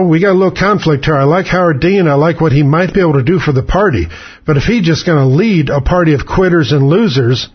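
A man's voice: fairly high pitch, husky. A man hosting talk radio, delivering an angry, profane, sarcastic political rant on muffled lo-fi radio audio.

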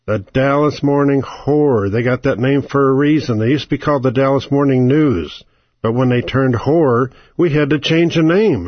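Male commentary host, husky and indignant, sarcastic ranting over muffled lo-fi audio. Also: medium pitch, no room sound. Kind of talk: casual political commentary. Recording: dull lo-fi audio.

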